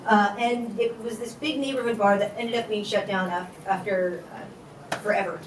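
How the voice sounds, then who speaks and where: A woman's voice: mid-range voice, fairly even intonation, moderate pace. A woman giving a candid, conversational talk on stage, telling a personal story with casual fillers. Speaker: conference speaker. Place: event hall at a tech company. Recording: echoey hall from far off, faint noise.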